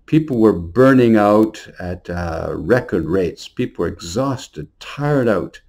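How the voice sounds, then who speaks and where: Male priest, low voice, earnest homily delivery with a storytelling bent. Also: animated, takes it slowly, gravelly, darkish tone. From Montreal. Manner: earnest, storytelling, repeats words. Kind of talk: short New Year homily.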